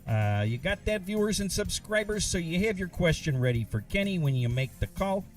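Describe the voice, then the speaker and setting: A man hosting a live comedy call-in show, rambling and halting with lots of fillers. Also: high voice, expressive, far from the mic, faint music behind. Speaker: host.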